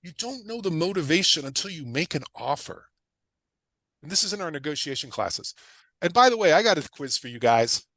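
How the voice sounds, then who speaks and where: A man's voice: on the high side, sing-song, a bit bright, no room sound. A middle-aged man teaching a live online class in an emphatic, repetitive way, driving points home with questions and casual asides. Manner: punchy, casual asides with quick tangents. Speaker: guest real estate investor teaching. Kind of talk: energetic livestream teaching talk.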